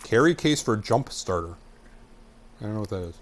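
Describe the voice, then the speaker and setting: A man's voice: fairly low pitch, animated, normal speed. Joking man hosting a casual talk show. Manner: joking, teasing banter. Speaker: podcast host. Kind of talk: casual chat.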